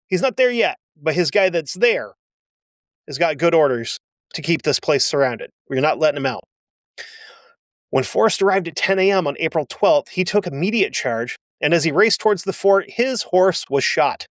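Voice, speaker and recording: A man's voice: on the high side, animated, moderate pace, no room sound, studio quality. A man hosting a history show, telling the story casually with blunt, sarcastic asides. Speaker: history podcast host.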